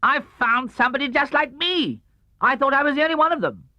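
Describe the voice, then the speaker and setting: A high, cheerful, bouncy tiger. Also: male voice, fairly quick, no echo, heavily acted. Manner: cheerful, excitable, very decided. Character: bouncy boastful young male tiger. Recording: dull, dry 1970s LP studio recording.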